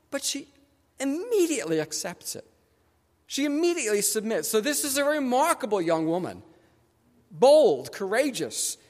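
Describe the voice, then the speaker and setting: A man delivers a sermon with a high, animated voice that leaps across a wide range. He speaks conversationally and puts on quick voices for the people in his story. A long reverb trails behind him in the church. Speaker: pastor. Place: church sanctuary.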